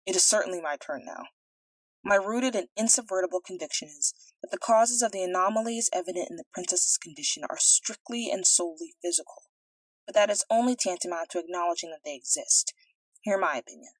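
Woman doing a slow, pompous old philosopher. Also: on the low side, no echo, lightly acted, rough recording. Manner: weighty, ponderous pronouncements.

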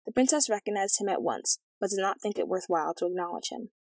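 A woman narrating a fairy tale as an audiobook reading, in a clear, even storytelling manner. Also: medium pitch, quick pace, no echo, poor audio.

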